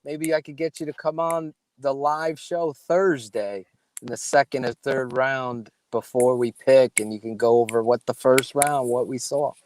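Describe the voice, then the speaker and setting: An emphatic male guest analyst who talks about football tape with real energy. His voice sits at a middle pitch and his delivery is punchy. He keeps his sentences short and direct. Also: measured pace, a little hiss or hum. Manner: animated, emphatic self-promotion. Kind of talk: casual guest plug on a sports show.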